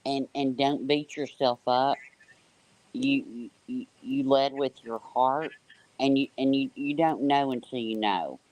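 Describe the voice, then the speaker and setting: A man's voice: medium pitch, fairly even intonation, slow, darkish tone, no echo. A man hosting a live-stream panel in a soothing, reassuring way, calling people honey and baby.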